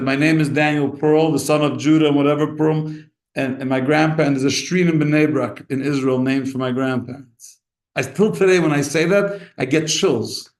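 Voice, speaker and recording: A male rabbi delivers a lively, impassioned sermon in a slightly higher voice than most men. He acts out little exchanges as he goes. The room around him rings with echo. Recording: echoey room.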